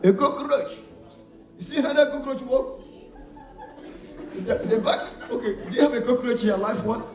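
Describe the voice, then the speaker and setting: A high-voiced man preaches a call-and-response sermon, asking the crowd to fill in words. His voice swings from loud to soft as he acts out little scenes. He is heard from a distance in a very echoey hall, with faint music behind. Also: moderate pace, long pauses. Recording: echoey hall, far from the mic.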